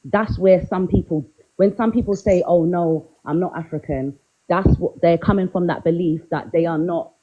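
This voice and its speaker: A podcast panelist making a measured, analytical argument in a dull lo-fi recording. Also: mid-range voice, warm tone. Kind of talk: casual debate chat.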